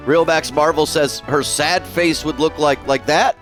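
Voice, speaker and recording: A man's voice: fairly high pitch, steady tone, a little slow, a bit bright, faint music behind. A man live-streaming while he draws, chatting casually, swearing freely and reading out viewers' messages. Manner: chatty, swears freely, reads chat aloud.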